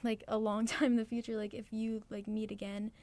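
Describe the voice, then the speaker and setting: A teenage girl from New Jersey co-hosting a podcast, laid-back and giggly, with halting filler-heavy speech. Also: on the high side, level tone, darkish tone. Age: teens. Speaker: podcast co-host. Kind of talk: casual chat.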